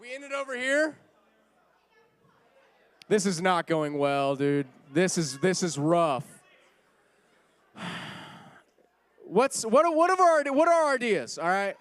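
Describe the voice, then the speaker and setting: A man hosting a party game for a church youth group, playful and teasing, now and then shouting over the room. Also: sits high, very animated, slow, long pauses, clear, resonant tone, some chatter behind.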